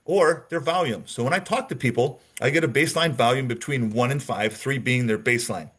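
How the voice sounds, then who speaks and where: A man delivers a training lecture on spotting lies, with a slightly husky, breathy voice at an ordinary middle pitch. He explains step by step, repeats his key points and acts out sample answers. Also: a little fast, a bit bright. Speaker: instructor on deception detection.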